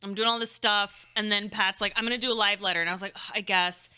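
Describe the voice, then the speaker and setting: A young woman and co-host, chatting casually, teasing and quick to laugh. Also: medium pitch, fairly even intonation, sharp tone, clear, resonant tone. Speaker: co-host and streamer. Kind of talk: casual chat.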